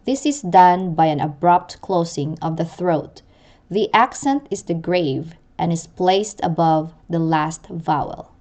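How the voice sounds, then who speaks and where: A woman gives a language lesson in a slow, unhurried voice, pronouncing each example with deliberate care and repeating it. Her voice sits a little low for a woman, and she keeps an instructional, patient delivery throughout. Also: a little mellow. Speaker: language teacher.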